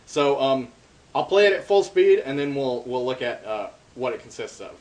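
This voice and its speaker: A darbuka teacher with a mid-range voice, speaking at normal speed, casually explains hand-drum rolls step by step, full of ums and uhs. The recording is very noisy, with drumming between his phrases.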